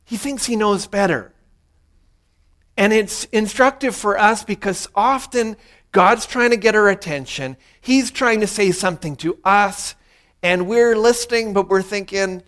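A man's voice: sits high, measured pace, a bit bright. A man preaching a sermon as pastor, earnest and repeating his key lines for emphasis.

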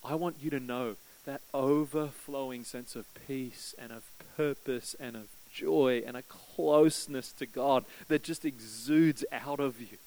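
A man preaching from the pulpit, his voice sitting in a middle register. He tells a story casually and warmly, lifting his pitch when he acts out desperate prayers. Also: unhurried, hardly any pauses, low-quality recording. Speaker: pastor. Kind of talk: sermon.

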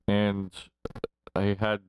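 A man's voice: on the low side, monotone, extremely slow, darkish tone, clean tone. A man in his forties, a podcast guest telling rambling stories and laughing often as he talks. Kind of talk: casual storytelling interview.

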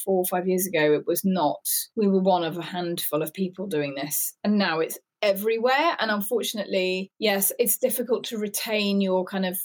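A woman designer answers questions about her creative process. Her voice is mid-pitched and her delivery is measured and thoughtful. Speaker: guest designer. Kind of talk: interview answers.

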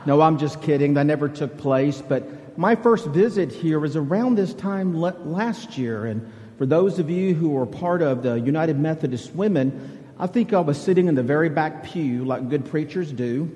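A man's voice: a little high, moderate pace, warm tone, a little hiss or hum. Southern-accented man preaching in a reverberant church. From Alabama. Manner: joking, folksy storytelling. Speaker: guest preacher. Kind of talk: conversational sermon. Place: church sanctuary.

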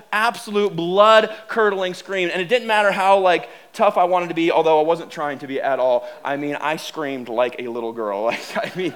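A man telling a self-mocking personal story as a sermon, animated and full of restarts. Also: high-pitched.

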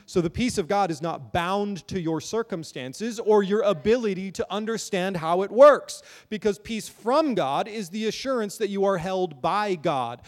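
A man's voice: high voice, lively intonation, moderate pace, hardly any pauses, in a large hall. A man preaching a sermon from a pulpit in a church, earnest and building emphasis, often repeating words as he goes. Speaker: pastor. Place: church sanctuary.

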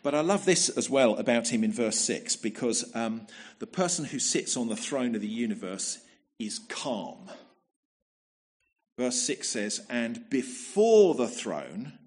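A man's voice: medium pitch, animated, unhurried. A man preaching a sermon in a conversational manner, often asking rhetorical tag questions and repeating words as he restarts.

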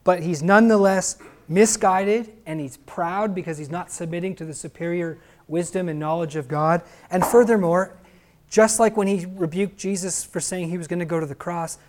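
A man's voice: sits high, fairly even intonation, moderate pace. A male pastor giving an explanatory sermon who keeps asking his listeners rhetorical questions.

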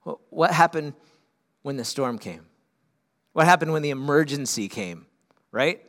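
A male pastor delivering a sermon in a slightly raised voice. He climbs to loud, urgent peaks and then sinks into quiet, earnest stretches. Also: fairly high pitch, expressive, a little slow.

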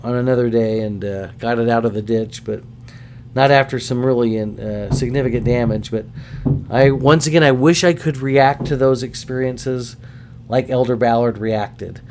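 A middle-aged man hosts a podcast in an easygoing storytelling manner. His voice sits at a mid pitch, and he gets animated and pokes fun at himself as he goes. A faint hum stays in the background. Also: moderate pace. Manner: animated, self-deprecating, acts out voices in anecdotes. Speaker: podcast host. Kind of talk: casual storytelling.

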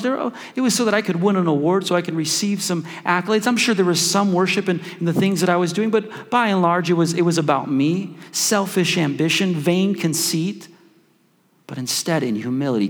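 Man preaching, animated storyteller, slightly high voice, long hall reverb. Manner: animated storytelling, acts out his own past thoughts. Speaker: pastor. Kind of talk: sermon with personal story.

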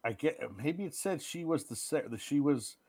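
A man co-hosting a casual movie-review chat, retelling scenes and acting out characters' lines. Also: normal speed. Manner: animated, acts out characters' lines in high voices. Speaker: podcast co-host.

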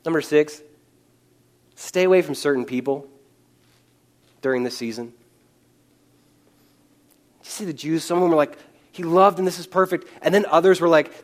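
Impassioned male pastor preaching. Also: fairly high pitch. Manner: impassioned, shifts from loud pleading to hushed and slow. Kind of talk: sermon. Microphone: microphone.

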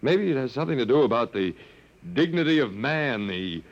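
A stubborn, weary human captive played by a man in a vintage radio play. His gravelly voice rises and falls widely, and the dull, lo-fi sound is that of an old broadcast. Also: mid-range voice, animated, brisk, lightly acted. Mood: defiant. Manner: defiant, then pleading and shaken. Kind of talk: 1950s radio drama acting.

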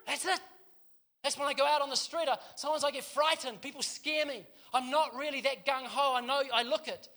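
A man preaching a sermon in a church, telling street stories in an animated way and laughing often. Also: very high voice, fairly quick.

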